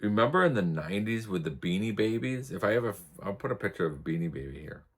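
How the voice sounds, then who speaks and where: A man's voice: on the low side, sing-song, fast talker, husky. A man from the United States hosting a casual vlog, telling rambling anecdotes and chuckling as he goes. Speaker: vlog host. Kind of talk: casual storytelling chat.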